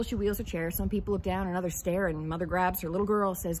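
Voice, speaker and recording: A woman's voice: fairly low pitch, expressive, quick pace, hardly any pauses, darkish tone, a little hiss or hum. A woman reciting a talking-blues poem in a wry, conversational storytelling way. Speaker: poet.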